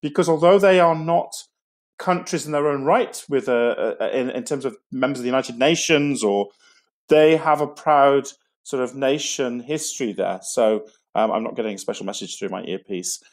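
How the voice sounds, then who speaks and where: A man's voice: medium pitch, normal speed. A man giving an online school assembly talk, chatty and rambling with frequent fillers and restarts.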